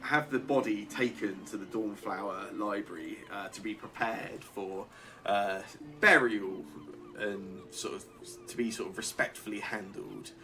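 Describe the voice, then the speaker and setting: A man narrating a tabletop game as game master, halting with many fillers. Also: lowish voice, sharp tone, faint music behind.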